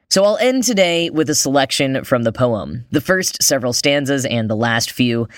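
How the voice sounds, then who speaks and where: A man's voice: mid-range voice, a bit bright, dry recording. American man narrating in a dry voice. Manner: measured, reads quotes and verse aloud. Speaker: podcast host. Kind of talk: scripted narration.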